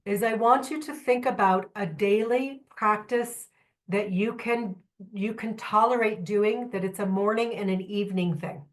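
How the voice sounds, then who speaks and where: A woman speaks as a trainer at a symposium. She talks to a live room in a candid, lively way, with frequent joking asides and quick questions to her listeners. Her voice sits at an ordinary middle pitch. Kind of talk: workshop talk to a live audience.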